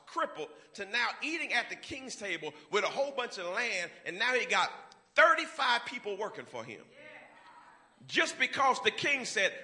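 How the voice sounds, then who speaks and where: Man, preacher, sermon, bright ringing voice, high pitch. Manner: rising to loud, drawn-out preaching with call-and-response.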